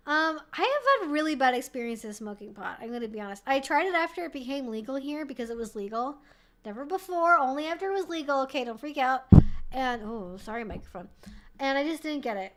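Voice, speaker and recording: A high-pitched young woman chats loosely on a live stream. She rambles, swears and laughs a lot, with a slightly tipsy looseness. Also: a bit bright. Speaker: streamer hosting a Q&A. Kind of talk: casual live-stream chat.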